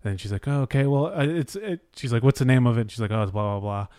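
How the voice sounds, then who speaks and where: A man's voice: medium pitch, expressive, very fast, a little mellow, dry recording, clean studio sound. Swearing man telling a rambling story. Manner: rambling storyteller, swears casually, acts out quotes. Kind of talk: casual chat, telling a story. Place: Los Angeles area.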